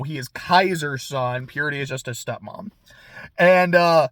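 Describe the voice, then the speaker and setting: A young man reacting to a book in casual chat, animated, swearing freely and laughing often. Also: high voice, no echo.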